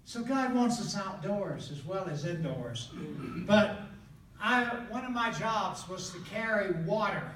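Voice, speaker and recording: Older man telling stories, high voice, echoey. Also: a little slow. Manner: animated, folksy, laughing storyteller. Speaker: traveling evangelist guest. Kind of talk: storytelling testimony in conversation. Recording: echoey room, distant mic, faint noise.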